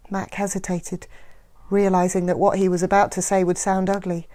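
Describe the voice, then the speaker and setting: A woman reading a novel aloud in a steady, measured narration. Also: on the low side. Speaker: reader.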